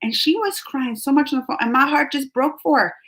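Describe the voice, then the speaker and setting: Chipper, bright-voiced woman chatting live. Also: high voice, brisk. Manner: chipper and chatty, reads viewer names aloud. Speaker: live chat host. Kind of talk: casual live-stream chat. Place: at home, just out of bed.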